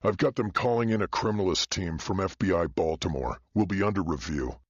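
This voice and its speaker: A man's voice: deep voice, a little fast, slightly rough, no echo. A man voicing a fearless male FBI agent who talks bluntly and commandingly. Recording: dull dry audio.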